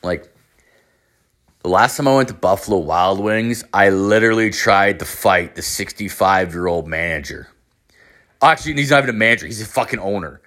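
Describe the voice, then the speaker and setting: A man's voice: fairly low pitch, moderate pace, fairly bright tone. A man telling a casual, rambling comedic story, swearing constantly and leaning on "like". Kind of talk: casual profane storytelling rant.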